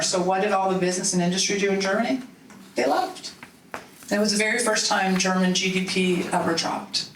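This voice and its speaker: Middle-aged woman, animated storyteller at a party meeting, faint room hum behind her. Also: medium pitch, far from the mic. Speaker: political speaker. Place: meeting hall. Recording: roomy hall audio from off-mic.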